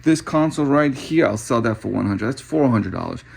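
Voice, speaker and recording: Gravelly-voiced man in a casual vlog. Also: medium pitch, animated, a little fast, a little mellow. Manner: casual, thinking aloud, filler words, counting up prices. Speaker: car parts reseller vlogger. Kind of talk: casual show-and-tell vlog.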